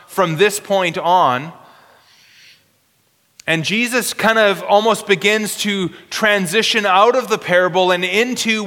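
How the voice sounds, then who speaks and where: A man preaching an expository sermon in an earnest way, slowing down for emphasis and often repeating words. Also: sits high, pushed and bright, big-room sound.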